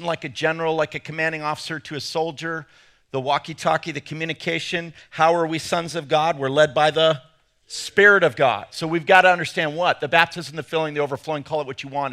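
A man's voice: a little high, bright, forceful tone. A man with an English accent, preaching an enthusiastic sermon with playful asides. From England. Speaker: pastor.

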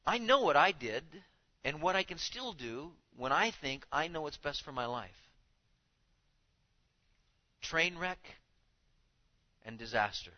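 A man preaching a sermon to his congregation, speaking with animated emphasis and now and then acting out the voices he quotes. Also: on the high side, slow, long pauses, dull audio. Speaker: pastor.

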